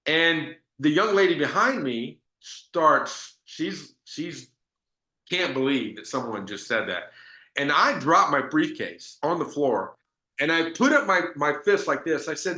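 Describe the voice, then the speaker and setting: Bright-voiced man telling sales stories. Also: fairly high pitch, lively intonation, a little slow, echoey room. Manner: conversational storytelling with restarts. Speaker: sales trainer. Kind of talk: business training talk.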